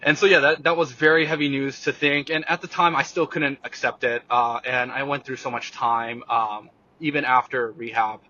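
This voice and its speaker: Bright-voiced young man telling his story. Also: medium pitch, steady tone, lo-fi sound. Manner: halting, many fillers and restarts. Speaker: guest. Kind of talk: casual interview storytelling.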